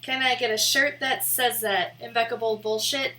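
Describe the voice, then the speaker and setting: A woman's voice: on the high side, normal speed, sharp tone. A young woman streaming live, rambling in a casual, giggly way with lots of "like" fillers. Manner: rambling and giggly, heavy use of "like".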